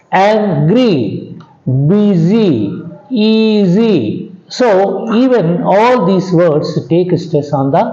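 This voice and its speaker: An English grammar teacher with an Indian English accent delivers a patient classroom lecture in a high, mellow voice. He speaks slowly, repeats himself, asks "understand?" to check on his students, and lets his pitch fall at the end of each sentence. The recording sounds dull and echoey, like lo-fi audio captured in a bare room.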